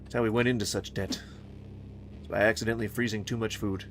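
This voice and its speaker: A man giving casual let's-play commentary, goofy and rambling, with sing-song wordplay and sudden mock yelling. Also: fairly low pitch, fairly even intonation, quick pace, a little hiss or hum. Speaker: gaming streamer.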